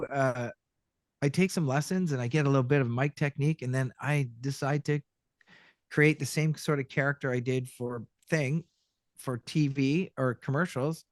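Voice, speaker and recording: A middle-aged Canadian man with a voice on the high side speaks in clean studio sound with no room noise. A guest voice actor in a casual interview, he tells stories animatedly, performing the voices and lines he quotes.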